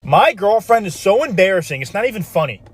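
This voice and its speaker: High-voiced man telling a joke. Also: big pitch swings, brisk, husky. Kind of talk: told joke.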